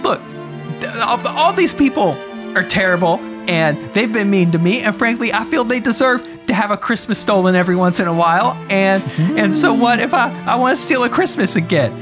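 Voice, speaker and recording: A man's voice: sits high, expressive, a little fast, over music, pitched above the performer's own voice. A man voicing a grumpy green Christmas-hating creature who whines and justifies himself. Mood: defensive. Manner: whiny, self-justifying rant.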